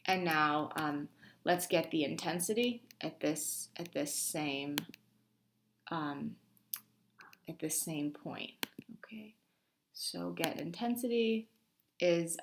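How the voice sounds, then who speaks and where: A woman's voice: deep voice, fairly bright tone, a little hiss or hum. A woman instructor walking students through a lab task on screen, talking informally with many ums and restarts. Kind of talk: screen-recorded lab walkthrough.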